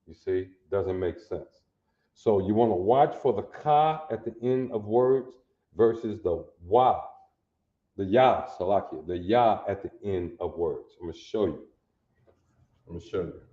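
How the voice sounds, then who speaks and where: Guy teaching words real slow, lowish voice, keeps asking you see? echoey room, dull muffled audio. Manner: slow, repetitive, checks understanding often. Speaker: language teacher. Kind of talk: classroom lesson.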